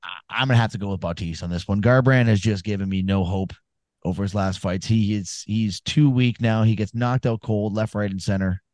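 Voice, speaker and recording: A man's voice: lowish voice, fairly even intonation, brisk, darkish tone, no echo. A man co-hosting a casual sports podcast, telling rambling, profane stories and giving fight picks. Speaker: podcast co-host.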